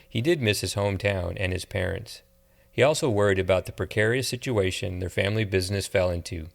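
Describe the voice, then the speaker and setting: A man giving steady, measured audiobook narration. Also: lowish voice, gravelly. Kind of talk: scripted narration.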